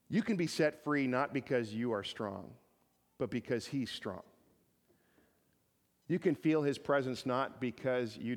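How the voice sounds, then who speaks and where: A man preaching a sermon as pastor, often repeating words as he builds to emphatic peaks. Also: mid-range voice. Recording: long reverb of a large hall.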